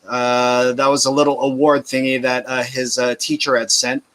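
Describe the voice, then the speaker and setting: A man's voice: medium pitch, little pitch movement, normal speed, a bit bright. A man, hosting a casual podcast chat, rambling loosely and swearing freely. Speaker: podcast host.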